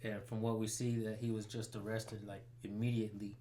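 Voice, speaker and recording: A man's voice: on the low side, little pitch movement, fairly quick, dark tone, a little hiss or hum. A man hosting a citizen journalism channel, commenting casually and pressing a sheriff's station by phone. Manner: casual, rambling, filler-heavy.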